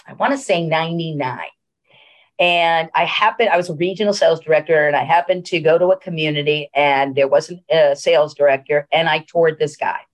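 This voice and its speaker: A middle-aged woman, a senior living executive, telling a story in a casual interview with many fillers and restarts. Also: deep voice.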